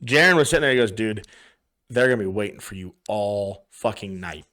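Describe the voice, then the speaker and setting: A man's voice: on the low side, animated, brisk, bright, forceful tone. A young man co-hosting a podcast, telling rambling bar stories in casual chat, swearing a lot and acting out what people said. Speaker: podcast co-host.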